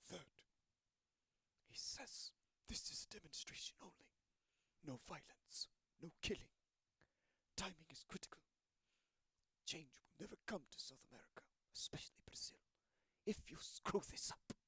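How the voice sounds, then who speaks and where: A man's voice: fairly high pitch, animated, moderate pace, pauses often, sharp tone, husky, dry recording, voice pushed up, exaggerated voice. A man voicing a nervous male wind-talker creature with twitching ears, who relays messages in urgent whispers. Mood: whispered urgent.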